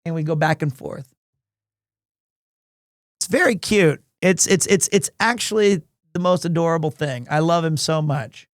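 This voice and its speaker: A man's voice: fairly high pitch, measured pace, dry recording, clean studio sound. A man hosting a game livestream, chatting casually in a gushing, rambling way and often repeating his words. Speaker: livestream gamer host. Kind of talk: casual stream chat.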